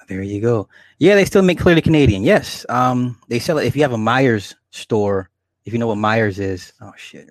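A man's voice: lowish voice, no room sound, studio quality. A man in his forties hosting a casual livestream, rambling and swearing, laughing often and talking straight to his viewers. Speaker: livestream host. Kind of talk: casual livestream chat, reading comments.

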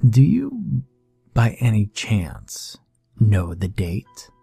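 A man's voice: low-pitched, huge pitch swings, a little slow, gravelly, dark tone, breathy edge, no room sound, soft background music, voice pushed down, exaggerated voice. A man voicing a towering, jovial bear-like male creature who speaks in a friendly, genial way.

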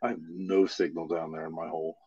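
Low-voiced laid-back man, muffled. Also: level tone, fairly quick, mellow, breathy edge. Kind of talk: casual podcast banter.

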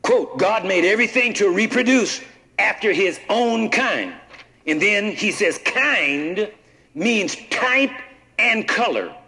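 A man's voice: high-pitched, lively intonation, slow, sharp tone, slight background noise, poor audio. A man preaching a sermon, reading scripture aloud and prompting the congregation to answer with "what?". He often repeats words and restarts his sentences.

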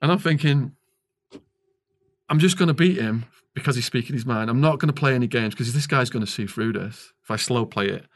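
Picture a middle-aged English man as a podcast guest, spinning a long tale with real momentum. He jumps into the quoted lines of the people in his story. His voice sits at an ordinary pitch for a man. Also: brisk. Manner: animated storyteller acting out quoted dialogue. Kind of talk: storytelling interview.

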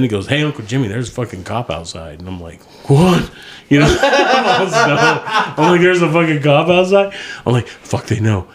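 A middle-aged man from spins a story with a lively, swooping pitch. He swears constantly and laughs in the middle of his own telling, in a loose podcast chat among friends. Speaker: podcast co-host.

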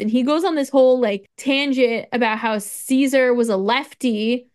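A woman co-hosting a podcast, casually recapping a story with lively retellings, frequent "like", casual swearing and laughter. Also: on the high side, moderate pace, hardly any pauses, smooth. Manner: animated storytelling, acts out dialogue, frequent "like". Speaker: podcast co-host. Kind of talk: casual chat recapping a video game story.

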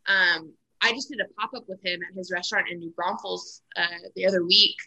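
A young woman, a former reality cooking contestant, telling her story as an interview guest in a chatty, animated way with lots of fillers. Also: fairly low pitch, a little fast, husky, low-quality recording. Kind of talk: casual interview chat.

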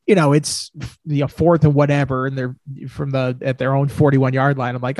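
A man co-hosting a casual college football talk show, reacting with lively disbelief. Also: fairly high pitch, fairly quick, few pauses, dry recording. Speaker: co-host, college football reporter.

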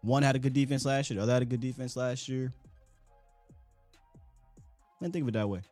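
A man's voice: medium pitch, faint music behind. A man hosting a live fan call-in show, chatting casually and talkatively with callers. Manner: animated, talkative, quick asides.

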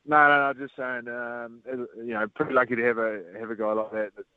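A middle-aged man calls in to a radio interview. He talks in an easygoing, halting way, full of ums and uhs. His voice comes through a narrow, tinny phone line with no room sound. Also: mid-range voice, smooth, no echo. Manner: relaxed, hesitant, many fillers. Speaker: former rugby captain guest.

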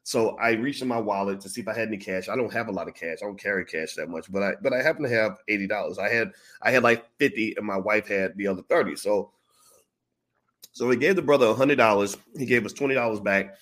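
A man with a lowish voice talks fast as he casually tells a long personal story, animated and full of profanity. He acts out the voices of the people in the tale.

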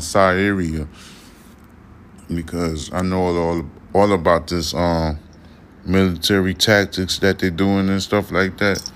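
Man, low voice, slow drawl, slightly drunk slur, profane podcast rant. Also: a little hiss or hum. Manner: loud swearing rants, slurred speech. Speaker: podcast host. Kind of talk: casual ranting commentary. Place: studio room behind glass.

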